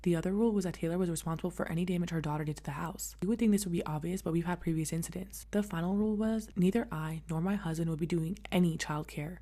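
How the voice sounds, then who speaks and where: A woman reading a first-person story aloud in a brisk, even manner. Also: lowish voice. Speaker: story reader. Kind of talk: read-aloud story narration.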